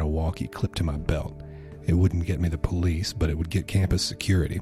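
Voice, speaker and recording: Deep-voiced man narrating horror. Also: fairly even intonation, brisk, dark tone, faint music behind. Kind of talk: first-person horror story narration.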